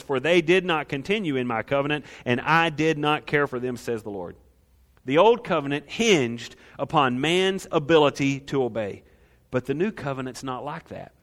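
A pastor, preaching a lively sermon full of rhetorical questions and light humor. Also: male voice, fairly high pitch.

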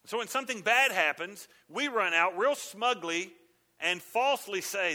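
A male pastor preaching a sermon, dropping to hushed asides and rising to loud, insistent emphasis. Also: high-pitched, big pitch swings, measured pace.

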